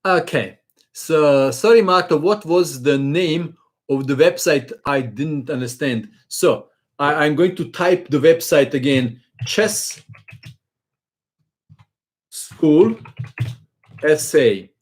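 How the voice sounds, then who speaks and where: A man's voice: on the high side, slow pace, long pauses. A man, a chess channel host chatting casually in a live-stream question and answer session, hesitant with many fillers.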